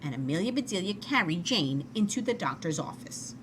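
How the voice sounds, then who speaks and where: A woman reading a children's story aloud in an expressive, animated way. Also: lowish voice, fairly quick, slight background noise. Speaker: storybook reader.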